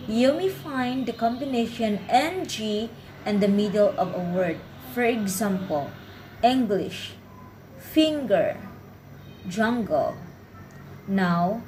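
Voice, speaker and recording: A woman, narrating a pronunciation lesson in a careful, clearly enunciated way. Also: mid-range voice, darkish tone, a little hiss or hum, low-quality recording. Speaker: pronunciation teacher. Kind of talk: scripted instructional narration.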